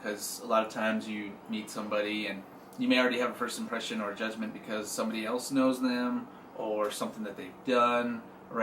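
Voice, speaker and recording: A man's voice: on the low side, a bit bright. Joking man, roomy distant sound. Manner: mock-angry ranting, joking. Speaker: podcast co-host. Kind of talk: casual comedic chat. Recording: roomy and distant from the mic, faint noise.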